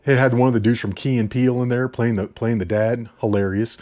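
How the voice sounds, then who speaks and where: A man chats about films in a loose, rambling way. He repeats himself, chuckles as he goes, and keeps his voice at an everyday middle pitch. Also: steady tone, a little fast, a little mellow. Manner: chatty, laughs often, repeats himself. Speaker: movie reviewer. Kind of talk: casual rambling movie review.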